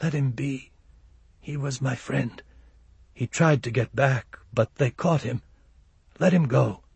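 A man voicing a dying former innkeeper turned soldier, speaking faintly and gently in an audiobook. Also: fairly low pitch, animated, normal speed, husky, no room sound. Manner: faint, feeble, whispering.

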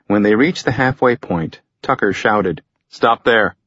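A man reading an audiobook in measured, scripted narration. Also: lowish voice, lively intonation, a bit bright, breathy edge, dry recording. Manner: measured storytelling delivery. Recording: dull lo-fi dry recording.

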